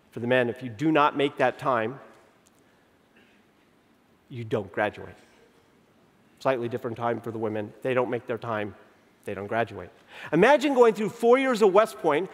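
A man in his fifties giving a conference keynote. He tells stories in an animated way, acts out the dialogue, and slows down to stress key points. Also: medium pitch. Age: 50s. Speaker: keynote speaker. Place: large conference venue. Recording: long reverb of a big hall.

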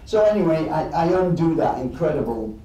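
Lively English man telling stories. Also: on the high side, brisk, heavy reverb, far from the mic, rough recording. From England. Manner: animated, chuckling storyteller. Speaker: guest storyteller. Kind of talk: anecdotal storytelling to an audience.

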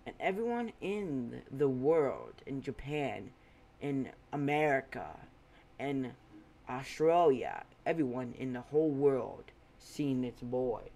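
A man's voice: mid-range voice, lively intonation, takes it slowly, gravelly, mellow. A man casually narrating a fan story, rambling with offhand asides.

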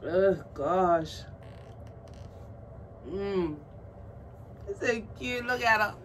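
A woman vlogging about her doll collection in a casual unboxing chat, gushing and excitable, cooing at a doll in baby talk. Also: mid-range voice, extremely slow. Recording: distant mic with faint background noise.

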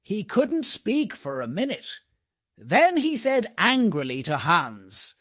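A man narrating a storybook for English learners, reading slowly, clearly and expressively. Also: high voice, huge pitch swings, fairly bright tone, dry recording, clean studio sound.

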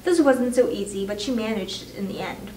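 A woman reading a children's book aloud with expressive storytelling. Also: medium pitch, brisk, a little hiss or hum. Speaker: reader. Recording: echoey room, distant mic.

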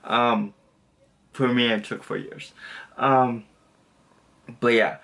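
A man's voice: mid-range voice, fairly even intonation, slow, vocal fry, fairly bright tone. A young man casually teaching a basic lesson, rambling and correcting himself with lots of fillers and apologies. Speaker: language tutor.

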